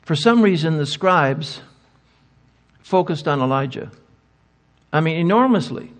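A man's voice: fairly high pitch, animated, a little slow. An older man speaking at a Bible conference, answering audience questions with emphatic rhetorical questions. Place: conference hall.

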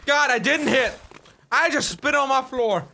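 A man's voice: extremely high pitch, a little slow, vocal fry, slight background noise. A young man doing gameplay commentary while eating hot peppers, pained and coughing, swearing and groaning. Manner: swearing, yelling and groaning in pain. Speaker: gaming YouTuber.

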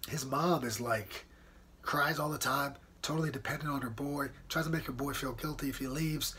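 This is a US podcast host recording from home before a white wall, relaxed and talkative with plenty of "dude" and "man" thrown in. He speaks at normal speed in a medium-pitched voice that's sharp in tone with a breathy edge.

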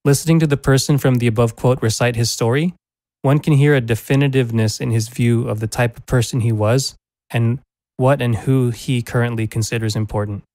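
A man's voice: medium pitch, steady tone, fairly quick, darkish tone, dry recording. A male teacher reading a prepared lecture in an earnest, reflective manner, recorded close on a studio microphone. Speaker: teacher presenting a lesson. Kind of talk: scripted lecture narration. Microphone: studio condenser microphone.

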